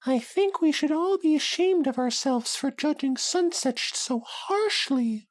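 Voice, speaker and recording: A man voicing a shy, gentle pony girl who talks timidly and stammers. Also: very high-pitched, expressive, a little slow, dry recording, voice pushed up.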